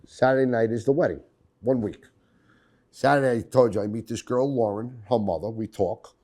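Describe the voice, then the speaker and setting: A middle-aged man telling a profane, animated story on his podcast. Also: medium pitch, moderate pace. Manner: profane, animated, acts out voices. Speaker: podcast host.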